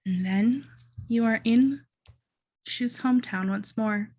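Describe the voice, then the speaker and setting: Slow, deliberate woman game master. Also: fairly high pitch, darkish tone, poor audio. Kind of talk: narrating a dream sequence in a tabletop game.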